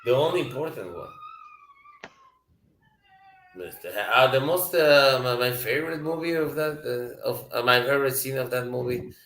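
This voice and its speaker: A man's voice: mid-range voice, expressive, normal speed, pauses often, a bit bright, reverberant, slight background noise, poor audio. A man in casual chat about a movie, playful and joking, often stumbling over his words.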